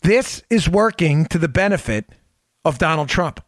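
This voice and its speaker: A man's voice: fairly high pitch, lively intonation, moderate pace, dry recording, clean studio sound. A man hosting a podcast, giving emphatic, sarcastic political commentary and repeating phrases for effect. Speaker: podcast host.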